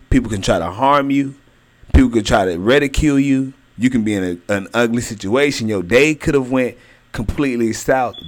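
A young adult man delivers a sermon in a somewhat low voice. He talks emphatically, repeating words and drawing out key phrases slowly for weight. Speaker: preacher.

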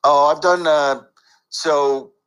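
A man's voice: a little high, steady tone, takes it slowly, a bit bright, smooth, rough recording. A man who works as a voice actor and coach, talking casually in an interview with many fillers and restarts.

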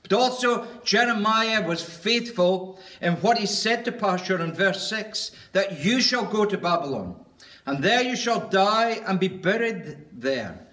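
A man preaching with a high, bright voice at an unhurried pace. He speaks earnestly and deliberately, lingering on each word as he builds a list. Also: animated. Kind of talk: sermon.

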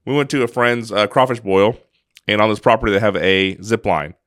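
A man's voice: lowish voice, fairly quick, a bit bright, no echo. Earnest storytelling man, dry close mic. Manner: earnest, storytelling, with many restarts. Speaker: podcast co-host. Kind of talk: casual podcast chat.

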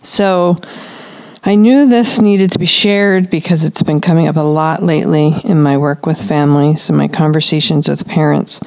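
A woman working as a parenting coach, giving calm, explanatory advice to parents. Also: deep voice, normal speed.

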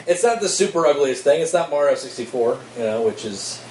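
A fairly high-voiced man co-hosts a loose, casual podcast chat, chuckling often as he rambles. He sits back from the mic in an echoey room, with faint hiss underneath. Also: animated, brisk, darkish tone. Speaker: podcast co-host. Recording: roomy echo, distant mic, faint hiss.

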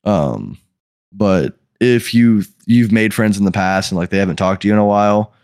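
A man hosting a casual podcast chat, telling stories in an animated, swearing way and mimicking customers. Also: fairly low pitch, normal speed, no echo. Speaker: podcast host.

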